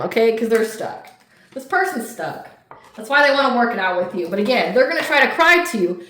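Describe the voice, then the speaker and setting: A woman's voice: high-pitched, sharp tone. A woman giving a casual tarot reading, talking bluntly and emphatically with lots of swearing and "like". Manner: blunt, profane, emphatic, fillers of "like". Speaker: tarot reader. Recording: roomy echo.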